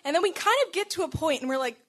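High-voiced young woman telling a story. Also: racing. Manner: animated, chatty, laughs often, says "like" a lot. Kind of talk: casual personal storytelling.

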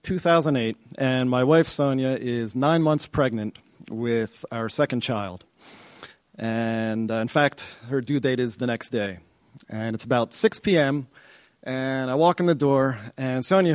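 A middle-aged man telling a personal story to an audience, animated and excited, often repeating himself as he goes. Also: medium pitch, measured pace, dry recording. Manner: animated, excited retelling with self-interruptions and repeats.

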